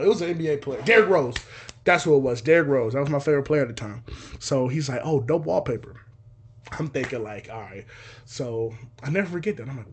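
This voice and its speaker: Husky young man telling a story. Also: mid-range voice. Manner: animated, acts out dialogue with sound effects. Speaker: podcast host telling a story. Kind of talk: casual storytelling.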